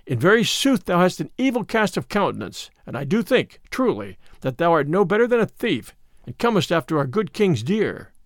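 A man voicing a bold, blustering outlaw who speaks loud old-fashioned English. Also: high voice, very animated, moderate pace, dry recording, clean studio sound. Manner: loud, blustering archaic speech.

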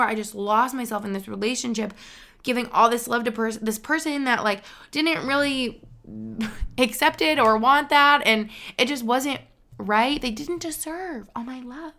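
Chatty young woman with vocal fry. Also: fairly high pitch, a little slow, sharp tone. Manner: chatty, filler-heavy, earnest. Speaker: podcast host. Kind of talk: casual advice chat.

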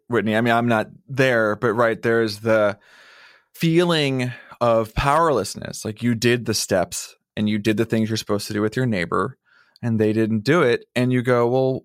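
A man co-hosting a podcast who speaks in a measured, reflective, thoughtful way. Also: medium pitch, no room sound, studio quality. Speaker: podcast co-host. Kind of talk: conversational chat.

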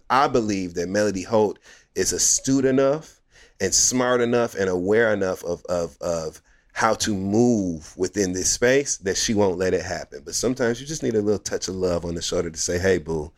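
A man's voice: sits low, moderate pace. A man as a podcast guest, giving emphatic, preachy opinions in casual chat. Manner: emphatic, preachy pep-talk delivery.

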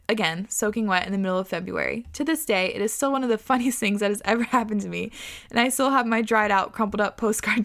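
A young woman hosts a casual podcast in a fairly bright voice on the high side. She reads listener stories aloud, reacting with chatty laughter and plenty of swearing.

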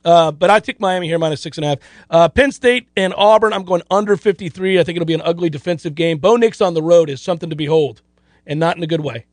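A man with a notably high voice runs through his betting picks in casual, rambling podcast talk. He circles back on himself, stumbles over words and laughs often. The sound is close and completely dry, with no room around it. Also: quick pace, dry recording. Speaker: sports betting co-host. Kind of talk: casual sports betting chat.

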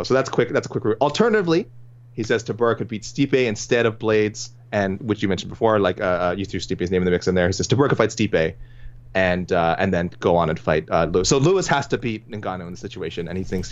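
A man's voice: deep voice, fast. A man co-hosting a casual sports podcast, reading listener picks aloud with frequent chuckles and restarts. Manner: chatty, chuckling, many restarts. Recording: dull lo-fi audio.

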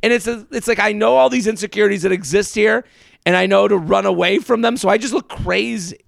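A man's voice: high voice, a little fast, vocal fry, no echo, clean studio sound. A man and comedian chatting on a podcast, telling stories with stumbling restarts and playful mimicked voices. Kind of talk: casual podcast chat.

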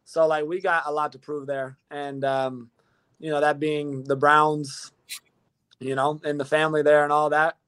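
A man's voice: fairly high pitch, flat delivery, normal speed, fairly bright tone, smooth. A man being interviewed as a football player guest, talking modestly with many restarts. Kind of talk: casual interview chat.

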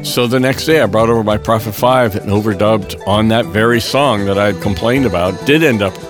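A man telling a personal story in a relaxed podcast conversation, getting animated when he acts out quotes. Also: fairly low pitch, brisk, over music. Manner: animated when quoting, relaxed fillers and restarts. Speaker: guest musician telling a story.

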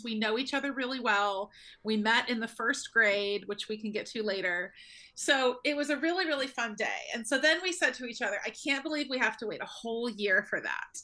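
A woman's voice: fairly high pitch, sharp tone. A young woman from Ohio, a therapist guesting on a podcast, chatting cheerfully and laughing often. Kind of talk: casual interview chat.

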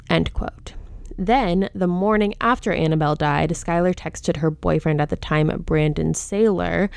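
A woman's voice: on the low side, unhurried, gravelly, a little mellow, smooth, dry recording. A woman hosting a true crime podcast who speaks outspokenly and with indignation, openly stating her own opinion, close to the microphone. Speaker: podcast host.

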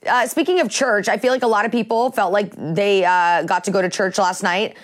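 A woman hosting a morning talk show, steering casual banter from topic to topic at a steady pace with "uh" fillers. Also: medium pitch, brisk.

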